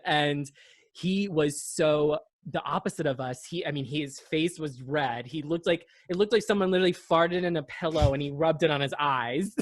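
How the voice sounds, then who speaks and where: A man who is a guest author in a casual interview chat, telling his stories in an animated way and laughing his way through them. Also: a little high, dry recording.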